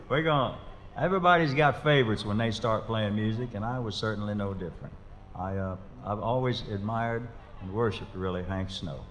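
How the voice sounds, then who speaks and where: A man's voice: fairly low pitch, moderate pace. A man serving as bandleader, with rambling, folksy, self-deprecating stage banter. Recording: echoey live hall with crowd noise.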